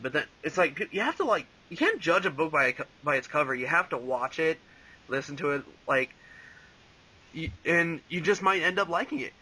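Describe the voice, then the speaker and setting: A man's voice: fairly high pitch, sharp tone, low-quality recording. A young man rambling casually as an interview guest, full of "like" and "um" and frequent laughs. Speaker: interview guest, fan voice actor.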